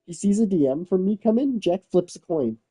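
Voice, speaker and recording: A man's voice: high voice, animated, fairly quick, dark tone, husky, no room sound, low-quality recording. A man chatting casually on a game stream, joking and swearing freely. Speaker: streamer and server owner. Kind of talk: casual chat.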